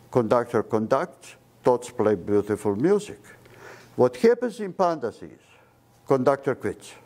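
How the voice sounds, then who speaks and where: Emphatic man lecturing on medicine. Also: mid-range voice. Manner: animated lecturer, drops articles, leans on key words. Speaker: physician giving a seminar talk. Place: seminar room before an audience.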